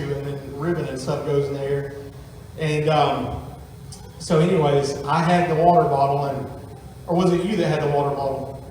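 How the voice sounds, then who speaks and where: A man's voice: fairly high pitch, a little mellow, a little hiss or hum. A man, a pastor telling a family story in a folksy sermon to his congregation. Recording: echoey hall from far off.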